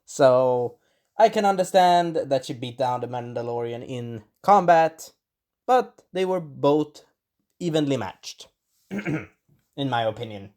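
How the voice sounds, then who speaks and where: A man of middling pitch talks through an episode review in a loose, rambling way. He corrects himself mid-sentence and stops now and then to clear an irritated throat. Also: expressive, slow, a little mellow. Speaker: show reviewer. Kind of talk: casual spoken episode review.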